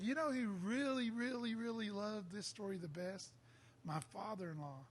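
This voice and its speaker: A man, telling a lively bar story in a casual chat and acting out the people he quotes. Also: high voice, moderate pace, a crowd in the background. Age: 60s. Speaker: songwriter guest.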